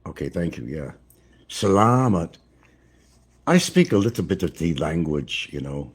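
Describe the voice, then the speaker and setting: His voice is very deep, darkish and a bit breathy, with lively intonation and a slightly fast delivery. This older American livestream vlogger chats casually from his home in the central Philippines, rambling and chuckling while answering the chat.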